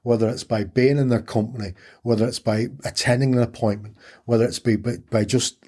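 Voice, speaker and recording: A man's voice: mid-range voice, fairly even intonation, fairly quick, darkish tone. A middle-aged man, telling his story candidly and earnestly as an interview guest, repeating phrases for emphasis.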